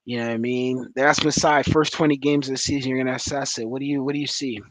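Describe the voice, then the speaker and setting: A man's voice: medium pitch, steady tone, fast talker, no room sound. A man giving a rambling, frustrated post-game reaction as a fan commentator, full of fillers.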